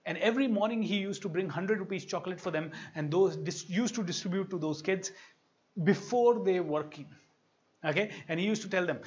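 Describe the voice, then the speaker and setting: A man's voice: sits high, expressive, a little fast, muffled recording. An Indian man giving a motivational talk as a coach, telling stories animatedly and acting out quoted voices. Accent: Indian English.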